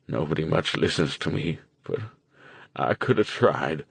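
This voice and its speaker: A man voicing a timid, weary old drifter who speaks in a creaky, hesitant mumble. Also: extremely low pitch, expressive, unhurried, dry recording, pitched below the performer's own voice, heavily acted. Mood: glum. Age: older. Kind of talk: audiobook character voice.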